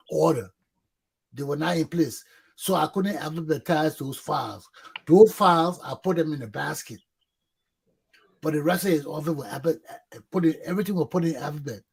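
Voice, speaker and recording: A middle-aged man from Liberia tells a story on his own talk show, his husky voice sitting a bit high. His delivery is casual and lively, breaking into shouted quotes as he acts out scenes.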